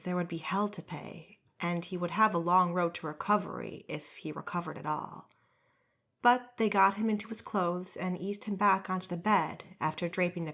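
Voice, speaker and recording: A woman with a lowish voice narrating a fantasy novel. Her delivery is steady and measured, and she reads it as a calm, even audiobook performance. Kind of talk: scripted narration.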